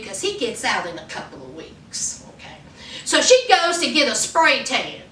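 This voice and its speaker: A woman's voice: fairly high pitch, sing-song, normal speed, pushed and bright. A woman from Virginia recapping a reality show in a sassy, laughing, chatty way. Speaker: vlogger. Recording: echoey room, distant mic, faint noise.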